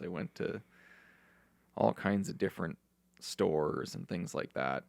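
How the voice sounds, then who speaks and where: A man guesting on a podcast, giving reflective advice in a relaxed, meandering way with frequent restarts. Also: deep voice, a little slow, vocal fry, no echo. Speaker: podcast guest, recovery mentor.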